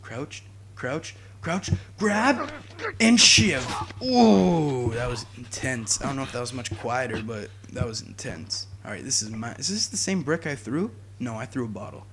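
A young man giving jokey, excitable commentary while playing a video game, talking to his viewers and yelling at enemies. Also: mid-range voice, moderate pace. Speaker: gaming YouTuber. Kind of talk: let's play commentary.

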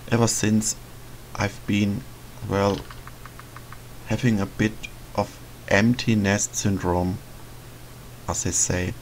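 A man voicing a lonely, motherly female witch in a game, speaking softly and hesitantly. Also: lowish voice, steady tone, takes it slowly, pauses often, a little hiss or hum, low-quality recording. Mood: tender. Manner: soft, motherly, hesitant, sighing. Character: lonely, gentle female forest witch, middle-aged. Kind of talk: reading game dialogue aloud in a let's play.

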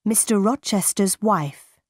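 Slow, careful woman narrator. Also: mid-range voice, over music. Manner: clear, careful, deliberate. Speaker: audiobook narrator. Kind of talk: slow graded reader narration for English learners.

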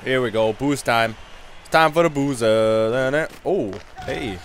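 A man doing loud, taunting gameplay commentary, trash-talking in character as his hockey player. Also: medium pitch, slow pace, some chatter behind, a little hiss or hum. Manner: loud, taunting, animated and jokey. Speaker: gamer.

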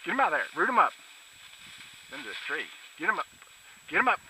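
A man's voice: huge pitch swings, fairly quick, long pauses, slight background noise, poor audio. Man calling his hunting dogs outdoors. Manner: shouts dog commands, then talks low and quietly to the camera. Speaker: hunter filming his dogs. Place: outdoors in snowy rural fields.

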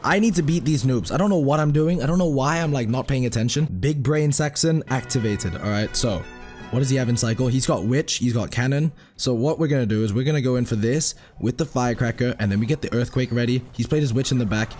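A hoarse young man giving excitable, self-mocking live commentary while playing a mobile game, swearing often. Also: medium pitch, fast, faint music behind. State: hoarse, recovering from a lost voice.

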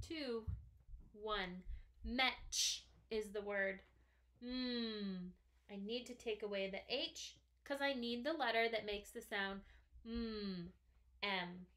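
A woman teaching first graders a phonics lesson on video, sounding out each word slowly and carefully. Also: mid-range voice, a bit bright. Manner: slow, careful, stretched-out sounds.

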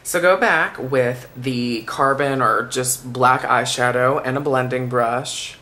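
A man giving a makeup tutorial in a soft-spoken, chatty and playful way. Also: medium pitch, slow. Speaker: makeup vlogger.

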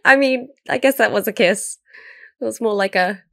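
A woman's voice: a little high, moderate pace, creaky, no room sound. Chatty woman reacting to a movie. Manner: chatty, enthusiastic, with fillers. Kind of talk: casual reaction commentary.

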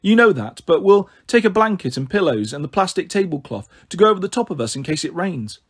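A caring, bossy big-sister girl, voiced by a man in a read-aloud storybook. She talks in a brisk, mothering way, pitched higher than the narration. The tone stays husky and sing-song. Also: sing-song, exaggerated voice. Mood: coaxing.

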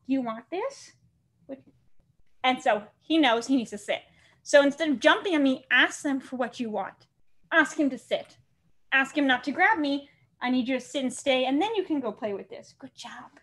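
High-voiced upbeat woman dog trainer. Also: a bit bright. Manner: upbeat, chatty, explaining step by step. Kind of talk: live online class teaching.

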